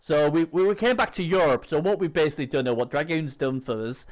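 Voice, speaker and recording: A man's voice: fairly high pitch, a little fast. A man, hosting a stream in rambling, chatty banter. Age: 40s. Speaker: stream host. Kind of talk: casual chat.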